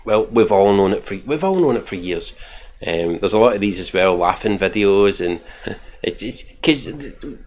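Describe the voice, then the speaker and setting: A man's voice: medium pitch, slight background noise. A Scottish man giving mocking, profane reaction commentary while reading out tweets. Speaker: commentary channel host.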